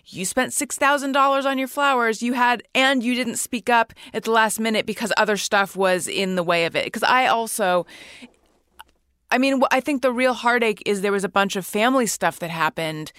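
A woman's voice: fairly high pitch, normal speed, a bit bright, clear, resonant tone, no echo, studio quality. A woman hosting a casual podcast chat who listens, sympathizes and relates her own experience. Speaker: podcast host.

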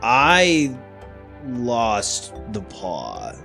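A sheepish male adventurer hems and hesitates at an everyday pitch, as a man plays him. Soft music lingers faintly behind the tabletop game. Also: huge pitch swings, very slow, gravelly, heavily acted.

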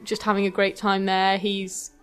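A woman's voice: mid-range voice, completely flat delivery, moderate pace, smooth, faint music behind. A woman co-hosting a casual pop culture podcast, chatty and enthusiastic with lots of fillers. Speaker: podcast co-host.

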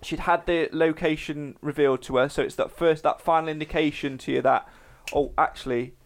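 A man's voice: fairly high pitch, steady tone, a little fast, gravelly. A man co-hosting a podcast, chatting casually and reading a fan post aloud, tripping over words as he goes. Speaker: podcast co-host.

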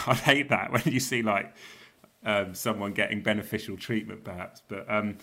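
A man hosting a sports podcast, with a bright, forceful tone and a slightly low voice. He chats easily, laughs often and keeps the conversation moving between topics. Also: steady tone, normal speed, vocal fry. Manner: chatty, laughs often, steers the talk. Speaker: podcast host. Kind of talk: casual sports chat.

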